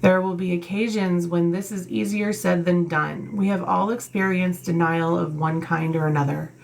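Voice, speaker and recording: A woman with a slightly low, gravelly voice reads tarot cards aloud, then talks straight to her viewers in a blunt, emphatic way. She swears freely. A faint hiss runs under the recording. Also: fairly even intonation, moderate pace. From Italian heritage. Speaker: tarot reader. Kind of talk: casual tarot reading, reading card texts aloud.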